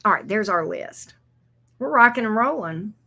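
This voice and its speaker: A woman's voice: medium pitch, expressive, moderate pace, gravelly, pushed and bright, slightly rough, faint music behind. A woman, chatting casually while she gives tarot readings on a livestream, loose and joking. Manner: chatty and loose, laughs and swears, talks to chat and her pets.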